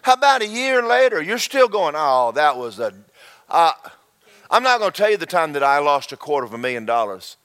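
A pastor delivers a folksy, animated sermon at a brisk clip, speaking directly to the congregation. His voice is high for a man with a bright, forceful edge, and he repeats phrases and tosses in shouted asides.

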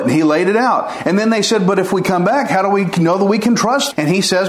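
A man's voice: high-pitched, a little fast. A man preaching an informal sermon, earnest and pleading, with folksy chuckles. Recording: echoey room.

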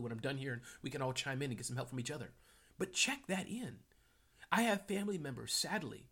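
A man hosts a live motivational stream and reads chat comments aloud. He repeats his key phrases and swings between hushed whispers and loud, fired-up bursts. His voice is medium in pitch with a breathy edge.

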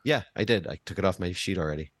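A man playing a tabletop game, thinking aloud in a relaxed way as he plans his moves. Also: low voice, fast, slightly rough, dry recording, studio quality. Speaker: player.

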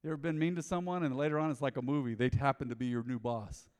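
A man preaching a sermon as pastor, telling a story in a lively way and acting out the dialogue. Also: medium pitch, fast talker, clean tone. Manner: storytelling, animated, acts out dialogue. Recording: long hall reverb.

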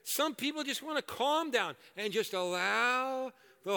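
An older man preaching a sermon and leading prayer in a church, animated and joking at his own expense. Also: extremely high pitch, measured pace, gravelly, clear, resonant tone. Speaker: pastor. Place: church hall. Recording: echoey hall reverb.

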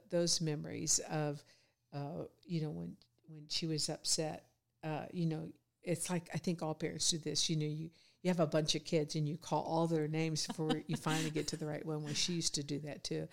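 Low-voiced, gravelly reflective woman. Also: level tone, moderate pace. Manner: reflective, many fillers and restarts. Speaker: guest. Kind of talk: casual podcast conversation.

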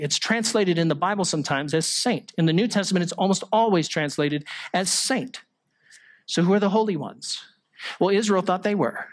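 A male pastor delivering a sermon, explaining scripture through rhetorical questions and the occasional small joke. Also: high voice.

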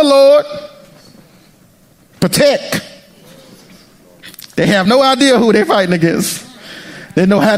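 A male pastor with a voice that sits high gives an impassioned sermon. He swings from loud cries down to near-whispers and breaks into prayer aloud partway through.

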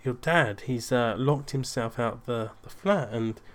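A man voicing his middle-aged mother, matter-of-fact and measured. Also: mid-range voice, lightly acted.

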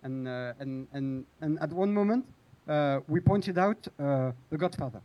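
A man on a panel stage, searching for words. His voice sits a touch high. He stops and restarts his sentences often. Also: lively intonation, a little mellow, rough recording. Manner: halting, many restarts and fillers. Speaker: TV screenwriter on a panel. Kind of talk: hesitant panel talk.

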